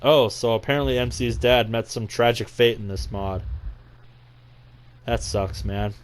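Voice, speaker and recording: A man's voice: mid-range voice, unhurried, slight background noise. A man hosting a let's play, reading a visual novel aloud and reacting with exasperated asides.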